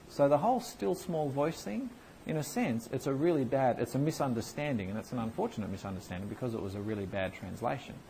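A man preaching a conversational sermon and answering questions, with lively, animated emphasis. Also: mid-range voice, creaky, slight background noise, low-quality recording.

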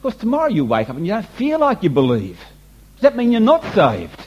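A man delivers a sermon in a lively, animated voice that rises and falls widely. His tone is a bit husky and his pitch sits fairly high for a man. He presses his points with repetition and rhetorical questions. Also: fairly quick, dull audio. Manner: emphatic, repeats and restates points, rhetorical questions. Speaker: preacher.

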